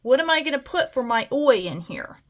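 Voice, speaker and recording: A woman's voice: high voice, big pitch swings, a little fast. A woman teacher giving a patient, step-by-step spelling lesson, often checking in with "okay?".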